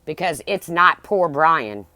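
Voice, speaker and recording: A woman's voice: sits low, expressive, slow, pushed and bright, dry recording. A middle-aged woman ranting bluntly and heatedly on her livestream, swearing as she talks to her viewers. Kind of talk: angry livestream rant.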